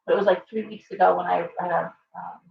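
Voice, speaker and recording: A woman's voice: fairly low pitch, fairly even intonation, fast talker, vocal fry. A woman hosting a live stream, rambling casually and greeting viewers by name. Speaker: shop owner and live show host. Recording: roomy, distant, dull lo-fi sound with faint hum.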